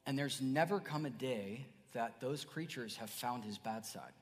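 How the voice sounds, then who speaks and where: A man preaching a sermon as pastor, earnest, dropping to soft murmurs then rising to emphatic bursts. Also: mid-range voice, moderate pace, few pauses. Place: church sanctuary. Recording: church hall reverb.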